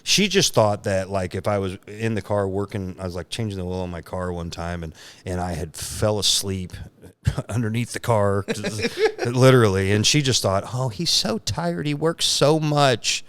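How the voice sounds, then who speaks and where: A man's voice: on the low side, moderate pace, clean tone, no echo. A man in his thirties, a podcast guest, telling a candid personal story in casual talk, laughing often and acting out the lines he quotes.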